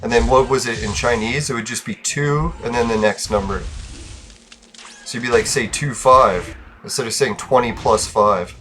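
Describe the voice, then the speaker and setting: A man talks in a loose, rambling way, swearing freely and breaking into laughs as he goes. His voice sits at an ordinary middle pitch for a man. A faint hiss of background noise runs under him. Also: a bit bright. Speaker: gaming channel host. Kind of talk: casual rambling chat.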